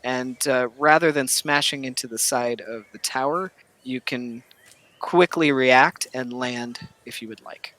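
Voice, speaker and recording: Bright-voiced male game master. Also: medium pitch, no echo. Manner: casual, many fillers and pauses. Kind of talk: narrating a tabletop game.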